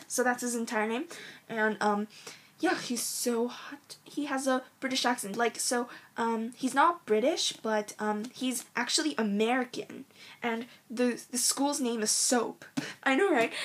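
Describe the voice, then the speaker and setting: A woman's voice: on the high side, a little hiss or hum. Gushing girl rambling about books. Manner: gushing, rambling with many ums and likes. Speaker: book vlogger. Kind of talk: casual book recommendation vlog.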